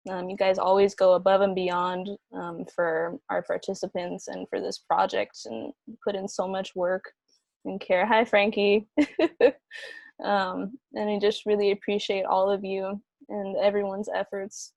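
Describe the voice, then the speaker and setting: A woman facilitator on a video call, giving soft closing remarks and leading a breathing exercise, with many fillers. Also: mid-range voice, little pitch movement, measured pace, gravelly, no room sound. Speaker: program facilitator.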